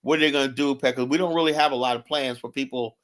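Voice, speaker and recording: A man in a live panel debate, pushy and argumentative, voice at an ordinary middle pitch. He talks over the others and keeps demanding they hold on while he makes his point. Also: fairly even intonation, quick pace, a bit bright. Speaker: panelist, insurance agent.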